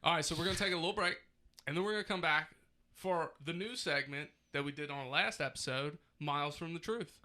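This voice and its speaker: Joking podcast host, fairly high voice. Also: male voice, brisk, bright, forceful tone. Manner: joking, laughs often. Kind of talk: casual podcast chat.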